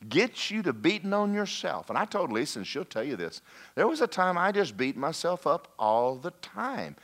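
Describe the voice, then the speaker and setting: A man preaching a lively sermon, folksy and animated, slipping into mock voices and asides to the congregation. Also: a little high, moderate pace. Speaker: pastor.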